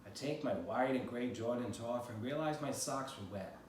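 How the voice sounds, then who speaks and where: A distant, heavily echoing recording captures an American man plainly reading passages of his own memoir in the first person. His pitch is medium and his speed normal, with faint noise behind him.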